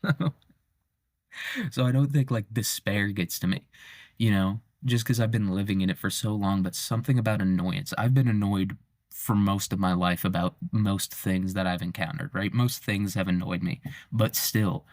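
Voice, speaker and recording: A man's voice: on the low side, normal speed, a little mellow, no room sound, studio quality. A young man in his twenties rambling through a casual, profane monologue and laughing at his own jokes. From United States. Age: 20s. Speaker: vlogger.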